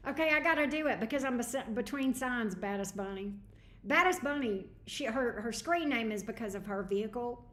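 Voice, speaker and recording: A woman hosting a livestream tarot reading, chatty and greeting viewers by name. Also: mid-range voice. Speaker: tarot reader. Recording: echoey room.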